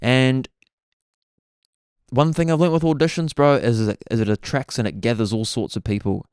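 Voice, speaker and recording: A young man with a New Zealand accent, hosting a podcast and telling stories in an excitable, casual way. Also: mid-range voice, normal speed, clean tone, dry recording, studio quality. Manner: excitable, says "bro" constantly. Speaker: podcast host. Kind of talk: casual storytelling chat.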